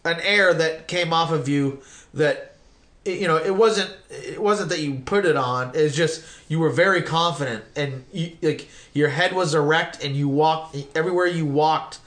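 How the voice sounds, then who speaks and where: A middle-aged man hosts a loose, conversational interview. He tells long, rambling stories with lots of fillers and the odd swear word, and his voice sits a little high for a man. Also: normal speed. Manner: rambling, animated storytelling with profanity. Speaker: podcast host.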